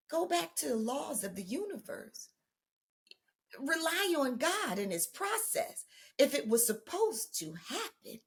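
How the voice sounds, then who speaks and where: A woman hosting a mental health podcast in a casual motivational monologue, chatty and addressing listeners as family, sometimes hushing her voice for emphasis. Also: sits high, big pitch swings, measured pace. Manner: drops to a hushed voice for emphasis.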